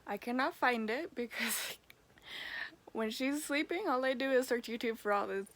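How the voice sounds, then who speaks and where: Frank young woman vlogging, slightly high. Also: moderate pace, fairly bright tone. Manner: frank, blunt and casual, with mild swearing. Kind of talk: candid personal vlog talk.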